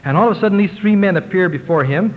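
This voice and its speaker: A man giving a religious lecture to a congregation, slowing down and lifting his voice when he reads scripture passages aloud. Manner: slows down and lifts his pitch to read scripture quotations aloud. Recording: tinny lo-fi sound with long hall reverb.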